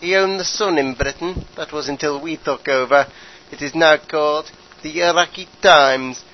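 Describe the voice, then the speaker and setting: A man's voice: on the high side, normal speed, dull audio, natural voice. A man voicing a pompous, bumbling dictator who addresses his troops with grand speeches. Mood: scheming. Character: pompous bumbling male dictator, middle-aged.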